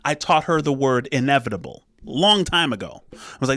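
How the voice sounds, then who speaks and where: Man, reaction channel host, laid-back chat, keeps asking "right?", middle pitch, dead dry sound. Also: expressive, a little fast, a bit bright, no echo. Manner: conversational, often checks in with "right?". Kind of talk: casual chat to viewers.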